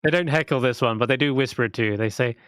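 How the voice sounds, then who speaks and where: A man's voice: mid-range voice, a bit bright, clear, resonant tone, no echo. Guy running a d&d game, chill and chatty, dry close mic. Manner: casual, laughing, quick asides. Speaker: dungeon master. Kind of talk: narrating a tabletop game.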